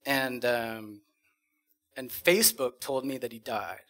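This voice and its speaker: A man on a conference stage performing spoken-word poetry, rhythmic and dramatic, swinging from loud bursts to hushed lines. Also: mid-range voice, slow. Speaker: conference speaker.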